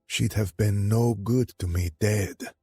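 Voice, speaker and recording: A man in his thirties with a low, husky voice voicing a calm, secretive young man who speaks with quiet composure. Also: slow pace, dry recording, studio quality, faint music behind, heavily acted. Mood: smirking. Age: 30s.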